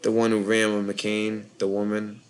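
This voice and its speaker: A man's voice: lowish voice, monotone, moderate pace, smooth. A tired man with a Boston accent hosting a live call-in show, rambling casually with lots of filler words.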